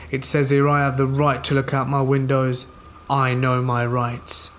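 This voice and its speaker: A man's voice: medium pitch, completely flat delivery, measured pace, fairly bright tone, a little hiss or hum, close to an everyday voice. A man doing a surly, stubborn neighbor. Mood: defiant. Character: surly defiant middle-aged male neighbor.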